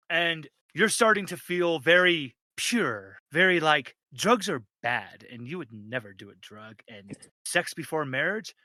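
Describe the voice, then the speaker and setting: A man running a tabletop horror game as game master, narrating in an animated way and laughing often. His voice is very bright and sharp, and it sits a little high. The sound is dry and close. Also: no echo.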